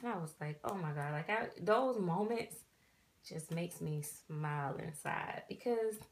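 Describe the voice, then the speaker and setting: A woman's voice: fairly low pitch, lively intonation, unhurried, a little hiss or hum. A young woman casually telling a rambling family story while chatting about her dolls. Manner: rambling storytelling with quoted dialogue. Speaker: doll collector vlogger. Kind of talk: casual chat.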